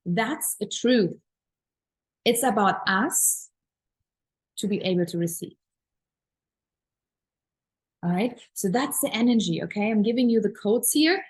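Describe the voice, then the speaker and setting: A manifestation coach with a husky, medium-pitched voice speaks unhurriedly and pauses often, heard on a rough recording. Her spiritual teaching is full of earnest, repetitive affirmations delivered emphatically, and she gushes enthusiastically about pleasure and gratitude.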